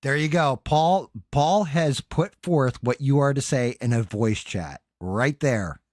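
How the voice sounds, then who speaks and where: A man's voice: mid-range voice, lively intonation, slow pace, darkish tone, no echo, clean studio sound. Profane, joking male livestream host. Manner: loose, profane banter with the live chat. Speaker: podcast host. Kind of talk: casual livestream chat.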